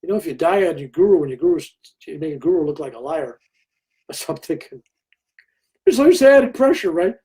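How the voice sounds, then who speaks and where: Brief: older male guest, husky and warm, a lively storyteller who slips into others' voices. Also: a little high, a little fast. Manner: animated storyteller who acts out other people's lines. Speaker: interview guest. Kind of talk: storytelling in conversation.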